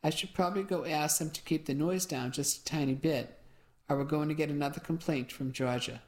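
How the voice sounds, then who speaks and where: A firm, practical woman who has made up her mind and speaks decisively, as a narrator puts her on. Her voice sits a little higher than the narrator's own, though it stays low for a woman. It belongs to a storybook reading. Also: fairly quick, darkish tone, close to an everyday voice. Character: firm, sensible adult sister running an inn.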